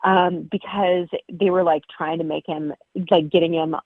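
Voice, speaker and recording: A woman co-hosting a podcast, telling a story in chatty talk with many fillers. Her voice sits a little low. She comes through a tinny phone line, and the sound is dry. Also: fairly even intonation, moderate pace, no echo. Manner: chatty, lots of "like" and "um". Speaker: podcast co-host. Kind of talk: casual storytelling.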